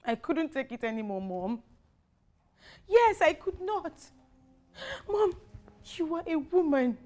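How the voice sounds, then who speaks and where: A woman's voice: high voice, sing-song, slow pace, darkish tone, heavily acted. A woman playing a heartbroken young wife who is crying and pleading with her mother. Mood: tearful pleading. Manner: tearful, pleading.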